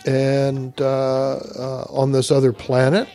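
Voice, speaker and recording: A man's voice: medium pitch, completely flat delivery, takes it slowly, warm tone, soft background music. A man casually recapping a comic book story in a rambling way, with frequent uhs.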